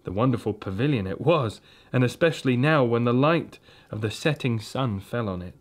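A man reading a children's storybook aloud, in a gentle, steady and expressive way. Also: medium pitch, moderate pace. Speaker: reader.

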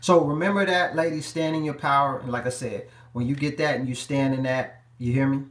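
A man's voice: medium pitch, fairly even intonation, brisk, fairly bright tone, reverberant. A man, a relationship life coach, giving emphatic, repetitive advice straight to his viewers on a live stream.

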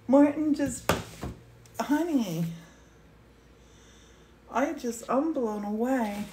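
A woman's voice: fairly high pitch, very animated, very slow, pauses often, mellow, slight background noise. A woman gushing over a gift on a livestream, tearful and exclaiming often. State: teary. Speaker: host of a painting livestream. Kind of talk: emotional casual chat. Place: indoor studio.

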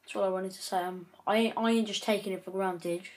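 A woman's voice: mid-range voice, fairly even intonation, fast talker, darkish tone. A woman giving chatty gameplay commentary, breaking into frequent frustrated outbursts. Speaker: gaming channel host.

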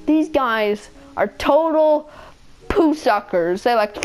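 A woman's voice: mid-range voice, takes it slowly, a little mellow, a little hiss or hum. A woman giving casual gaming commentary, trading childish insults and mock-angry rants at other players. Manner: childish trash talk and insults; playful, mock-angry ranting. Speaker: gameplay video maker.

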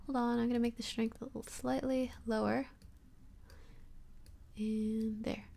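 Chatty young woman with vocal fry. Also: a little high, little pitch movement, measured pace, mellow. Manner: rambling and chatty, full of fillers; self-deprecating. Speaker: tutorial host. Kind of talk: casual screen-recorded software tutorial.

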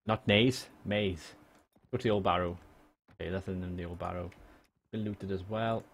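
A man's voice: sits low, steady tone, fast talker, gravelly, husky. Young man chatting through a livestream. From Wales. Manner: chatty, swears, talks to chat and jokes. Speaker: streamer. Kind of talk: casual gaming livestream commentary. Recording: faint background noise.

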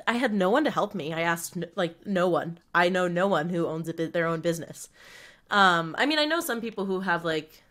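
A woman's voice: mid-range voice, a bit bright. A young woman co-hosting a podcast, chatting casually about her year, with frequent laughs and lots of fillers. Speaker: podcast co-host. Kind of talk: casual chat.

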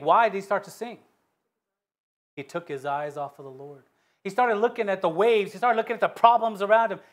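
A man preaching a sermon, reading scripture aloud and swinging between loud fervent peaks and low hushed asides. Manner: reads scripture in King James wording with emphatic repetition.

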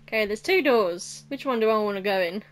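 A woman's voice: medium pitch, lively intonation, brisk. A young woman playing a horror game and commenting, joking sarcastically and giggling often. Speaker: let's play host.

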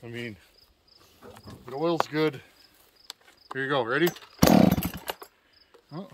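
A man's voice: mid-range voice, slow, heavy background noise. A man hosting his own chainsaw video in a casual, folksy way, out of breath and chuckling between sentences, calling his viewers friends. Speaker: chainsaw builder and channel host. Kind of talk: casual outdoor video chat.

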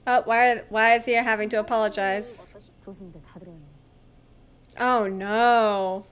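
Excitable lady doing a drama reaction, unhurried talk, high voice, gets weepy. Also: clean tone. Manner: excitable, laughs and gasps often; emotional, near tears. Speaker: reaction video host. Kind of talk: casual drama reaction commentary.

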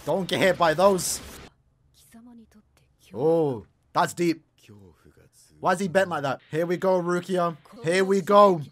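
High-voiced excitable young man reacting. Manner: excitable, slangy exclamations and shouts. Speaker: anime reaction channel host. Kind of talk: casual anime reaction commentary.

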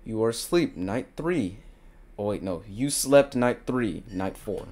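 A man's voice: lowish voice, animated, a little slow, darkish tone. A young man giving jokey, casual commentary while playing a game, talking to his viewers and turning frantic when he panics. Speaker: gaming video creator. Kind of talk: casual let's-play commentary.

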